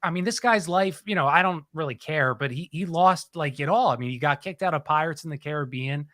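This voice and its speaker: Bright, rambling male podcast guest. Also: fairly high pitch, fairly quick, no room sound, studio quality. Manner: loose, rambling, full of 'like'. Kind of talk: casual chat.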